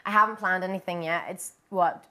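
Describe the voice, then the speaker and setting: A woman's voice: lowish voice, fairly even intonation, brisk, sharp tone. Bubbly young Northern Irish woman. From Derry, Northern Ireland. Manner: bubbly, giggly, chatty. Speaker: singer guest. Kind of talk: casual interview chat.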